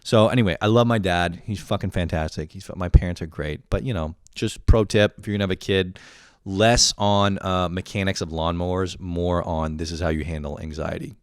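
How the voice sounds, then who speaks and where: Speaking fairly quickly in a low, clean-toned voice, a young vlogger in his twenties goes on an animated, comic rant full of swearing and frequent laughter. The studio-quality recording has no room sound.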